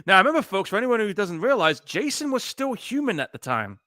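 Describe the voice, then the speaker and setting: A man co-hosting live movie commentary, chatting with excitable, laughing banter. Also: high voice, a little fast, no room sound, studio quality. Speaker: co-host.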